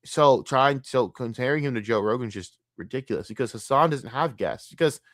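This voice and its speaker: A man's voice: medium pitch, lively intonation, a little fast, fairly bright tone, no room sound, studio quality. A man streaming a reaction, ranting bluntly and scornfully with heavy swearing. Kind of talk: profane reaction rant.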